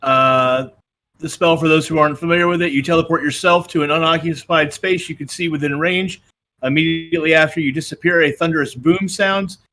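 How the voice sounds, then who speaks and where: A man's voice: fairly high pitch, steady tone, a little fast, bright, forceful tone. A man playing a tabletop game, hesitant with many ums, then rattling off rules explanations. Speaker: player.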